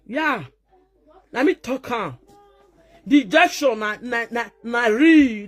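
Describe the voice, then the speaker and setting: A woman's voice: a little high, expressive, takes it slowly, long pauses. A woman from Nigeria with a Nigerian Pidgin English accent, a social media vlogger delivering a mocking, scolding rant to her viewers.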